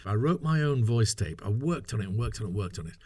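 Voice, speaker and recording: A man's voice: on the low side, expressive, quick pace, darkish tone, husky, dry recording, clean studio sound. A middle-aged man telling stories in a casual interview, chatty and self-mocking, laughing often. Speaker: interview guest, voice actor. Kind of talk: casual anecdotal interview talk.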